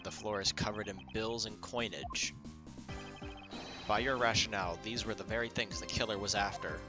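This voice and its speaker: A man's voice: fairly low pitch, fairly even intonation, over music, close to an everyday voice. A man reading Edgeworth, a formal prosecutor. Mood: composed. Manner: measured and formal, deliberate deduction. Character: calm, precise male prosecutor, coolly logical. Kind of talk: reading game dialogue aloud in character.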